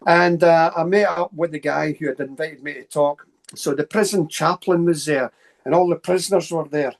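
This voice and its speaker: A Scottish man, a guest on an interview show, telling anecdotes in a fast, animated way with asides. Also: on the high side. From Scotland. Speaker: guest, paranormal researcher. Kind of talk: casual storytelling interview.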